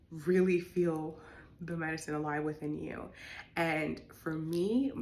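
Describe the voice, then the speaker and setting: A young woman, bilingual in English and Spanish, shares a personal story in a loose, conversational way. Her voice sits a little low for a woman, and she leans on "like" and filler words, getting animated when she gets excited. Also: a little hiss or hum. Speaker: vlogger recounting her experience. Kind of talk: casual storytelling.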